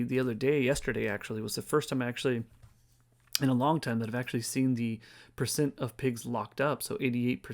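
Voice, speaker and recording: A tired man talks through his screen in a loose, rambling way, reading figures aloud as he goes. His voice sits in an ordinary middle range, and he yawns his way through the walkthrough. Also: medium pitch. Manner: rambling, thinks aloud, reads numbers off screen. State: tired, yawning. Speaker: crypto video host. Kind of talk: casual screen-share walkthrough.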